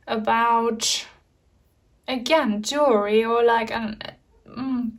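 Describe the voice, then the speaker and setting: A woman doing a tarot reading, her voice a touch high and earnest, soft and reassuring. She sits a little back from the microphone, so the sound is slightly distant. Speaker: tarot reader. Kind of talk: pick-a-card tarot reading.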